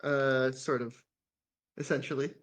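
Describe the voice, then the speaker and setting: A man's voice: mid-range voice, flat delivery, measured pace. A man taking part as a player in a casual tabletop game, eager and chatty, bargaining for gear.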